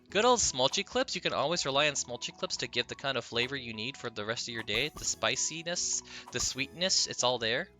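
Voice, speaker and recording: While streaming a video game, a man chats playfully with his viewers and giggles at his own jokes. His medium-pitched voice is bright and forceful, with lively intonation at a moderate pace. Soft music plays in the background.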